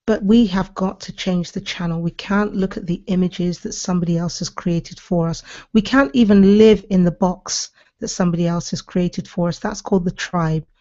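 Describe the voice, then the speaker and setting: A woman's voice: lowish voice, fairly even intonation, normal speed, hardly any pauses, warm tone. A woman hosting her own show as a speaking coach, giving a passionate, emphatic motivational talk. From Britain. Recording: slightly dull lo-fi audio.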